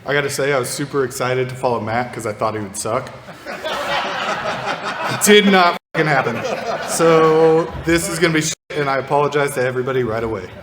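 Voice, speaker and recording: A man's voice: mid-range voice, expressive, brisk, loud music behind the voice. A man starting a roast speech, swearing and running himself down. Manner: self-deprecating, profane. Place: large echoey party hall with audience. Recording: echoey hall, crowd noise.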